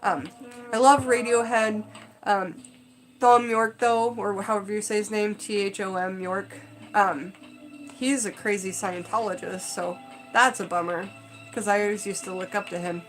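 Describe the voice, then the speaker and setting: A woman's voice: mid-range voice, fairly even intonation, unhurried, faint music behind, rough recording. A woman chatting casually on a live stream, rambling with lots of fillers. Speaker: livestream host.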